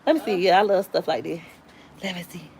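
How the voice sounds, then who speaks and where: A woman, telling stories casually on a live stream and jumping high when she quotes people. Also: fast, slightly rough. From Tampa, Florida. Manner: animated storyteller, squeals high when quoting. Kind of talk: casual storytelling chat.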